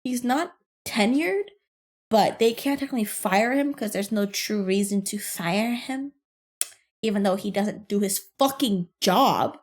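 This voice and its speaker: Young woman telling a story, profane and animated. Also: medium pitch, unhurried. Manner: animated, profane, laughs through her story. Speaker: podcast host. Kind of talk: casual storytelling monologue.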